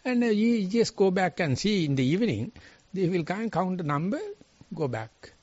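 A man giving a dharma talk as a monk teacher, telling a sutta story with non-native phrasing and swinging pitch. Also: sing-song, normal speed, a little mellow, no echo, dull audio.

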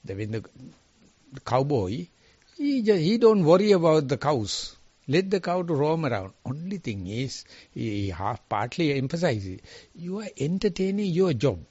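A man giving a dharma talk as a monk teacher, telling a sutta story with non-native phrasing and swinging pitch. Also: sing-song, a little slow, darkish tone, breathy edge, no room sound, lo-fi sound.

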